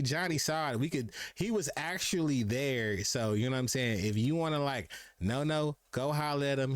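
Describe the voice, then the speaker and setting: A man's voice: mid-range voice, clean tone, dry recording. Young guy hosting his stream, slangy and chill, dry close mic. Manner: laid-back slangy storytelling, acts out quotes. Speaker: podcast host. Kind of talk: casual streamed chat.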